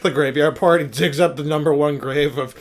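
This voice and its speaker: A young man who is a guest on a casual podcast, laughing often and quoting lines in excited voices. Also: a little high, brisk, background noise.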